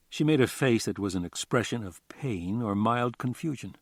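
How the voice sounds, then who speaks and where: A man narrating a crime novel audiobook in a measured, plain storytelling manner. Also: lowish voice, lively intonation, husky, no echo, studio quality. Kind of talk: scripted narration.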